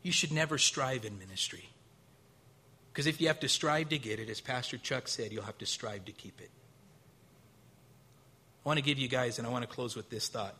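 Husky-voiced pastor guy preaching, folksy storytelling, gets loud and high then drops real quiet. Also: normal speed, pauses often. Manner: animated preaching that swings from loud high bursts to quiet low intensity; storytelling with acted quotes and a casual, folksy delivery. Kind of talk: sermon.

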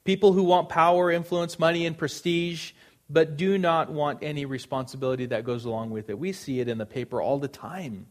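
A man's voice: a little high, a little fast. A man preaching a sermon, earnest and emphatic, repeating phrases for stress.

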